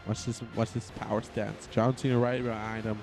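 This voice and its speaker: A man giving casual, excitable play-by-play commentary on a wrestling video game, rambling and often correcting himself. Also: on the low side, moderate pace, vocal fry, music in the background.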